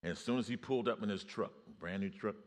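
A man preaching a sermon, telling stories and rising to loud exclamations. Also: lowish voice, fast.

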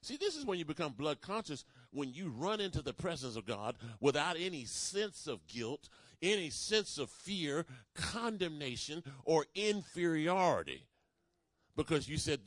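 A man's voice: fairly high pitch, big pitch swings, moderate pace, dry recording. Emphatic preaching man, dry sound. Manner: call-and-response preaching, rising to emphatic declarations. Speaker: pastor. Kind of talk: sermon.

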